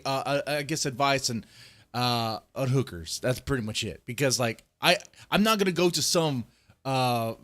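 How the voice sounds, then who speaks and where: A man from Texas ranting on a livestream, profane and heated, swinging between loud outbursts and low muttering. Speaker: streamer. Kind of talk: livestream rant.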